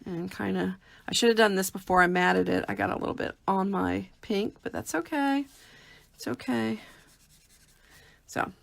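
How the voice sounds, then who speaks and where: A woman's voice: mid-range voice, normal speed, creaky, long pauses. A middle-aged woman hosting a casual live craft demo from home, chatty and talking through each step as she works. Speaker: papercraft host.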